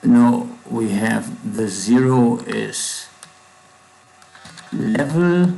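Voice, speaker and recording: A young man with a German accent talks to himself while he codes, slow and unhurried. His voice has a gravelly, creaky edge, and he often trails off and corrects himself mid-thought. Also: mid-range voice, a little mellow, slight background noise, poor audio. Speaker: coding livestream host. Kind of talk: thinking aloud while coding.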